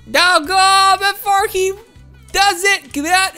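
A woman hosting a gaming channel, giving excitable, playful let's-play commentary with frequent laughs and shouts. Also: extremely high pitch, slow, soft background music.

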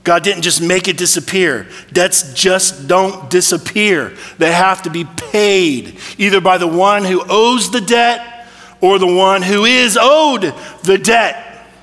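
A man's voice: sits high, slow, a bit bright, big-room sound. A man preaching a sermon as pastor, talking conversationally and asking rhetorical questions. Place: church sanctuary.

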